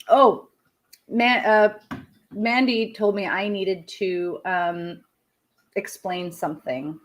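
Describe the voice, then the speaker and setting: A woman in her thirties hosts a live show and chats casually with her viewers, laughing a lot and poking fun at herself. Her mid-range voice stays steady, and she speaks slowly with frequent pauses.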